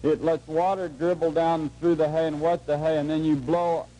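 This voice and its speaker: A man's voice: on the high side, little pitch movement, dark tone, rough recording. Folksy man telling a tale. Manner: folksy, dry, unhurried storyteller. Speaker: lecturer. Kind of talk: humorous storytelling lecture. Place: lecture hall before a live audience.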